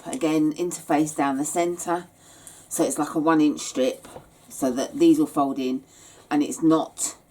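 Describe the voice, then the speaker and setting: A woman's voice: low voice, warm tone. A tired woman giving a chatty, rambling sewing tutorial, yawning and hesitating as she explains her steps. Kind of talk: casual step-by-step craft tutorial.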